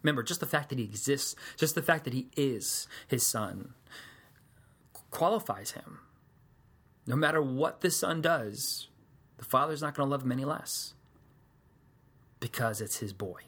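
A man's voice: mid-range voice, expressive, unhurried, long pauses, a bit bright, breathy edge. A man preaching a sermon, telling the story in a casual, conversational way with joking asides.

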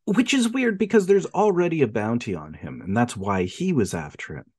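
A man's voice: medium pitch, normal speed, breathy edge, dry recording, clean studio sound. A man co-hosting a film podcast in casual chat, chuckling often and retelling scenes. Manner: chuckling, retells scenes with animated quoted lines.

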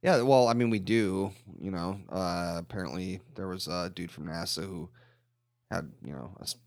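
A man's voice: sits low, normal speed, vocal fry, no room sound. Rambling podcast guy, dry close sound. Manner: rambling, lots of fillers and swearing. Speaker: podcast co-host. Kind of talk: casual chat.

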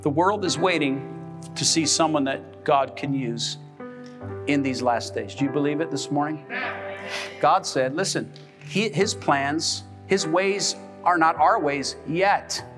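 This pastor's voice sits on the high side, and he takes his time as music plays behind him. Preaching in the sanctuary, he delivers his sermon with emphasis and prompts the congregation to respond.

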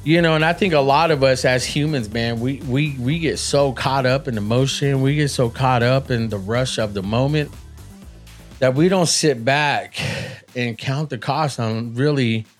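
A man hosting a motivational podcast, talking in an animated, slangy way and often saying "man". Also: mid-range voice, normal speed, soft background music. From Native American. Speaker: podcast host.

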